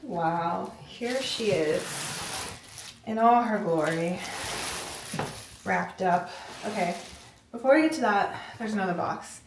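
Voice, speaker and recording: A young woman chats her way through an unboxing, excitable and chatty, reading labels aloud and now and then out of breath. Her voice sits at an everyday middle pitch. It comes from a little away from the mic in an echoey room, with a faint hiss behind it. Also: takes it slowly, long pauses, distant mic. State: out of breath at times. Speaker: vlogger. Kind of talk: casual unboxing chat.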